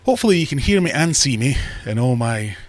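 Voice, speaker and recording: Chatty man, lively pitch. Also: fast talker. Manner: chatty, jokey, self-mocking. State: a bit out of breath. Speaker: livestream host. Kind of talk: casual live chat. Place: home fish room.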